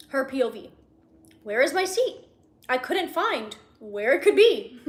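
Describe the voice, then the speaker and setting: A young woman livestreaming from home, reading fan fiction aloud and breaking off to laugh and make sarcastic remarks. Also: fairly high pitch. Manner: laughs often, mocking asides. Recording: echoey room.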